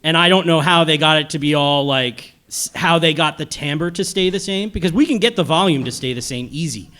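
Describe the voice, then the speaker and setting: A middle-aged man gives a casual, rambling panel lecture on audio to a live audience, frequently checking in with "okay?" and "right?" after his points. His voice sits on the high side, fairly quick, with a pushed, bright quality.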